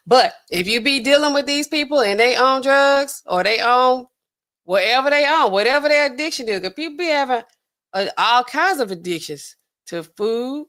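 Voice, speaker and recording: A woman hosting a show in casual, rambling commentary, talking in an animated, colloquial way and laughing often. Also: on the high side, normal speed. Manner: swings often between loud and quiet.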